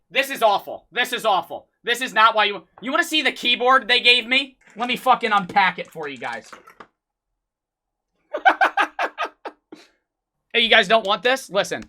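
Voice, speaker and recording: A man in his twenties, a streamer, excitedly retelling a story with lots of swearing and acted-out quotes. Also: high voice, dry recording. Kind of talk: animated storytelling vlog.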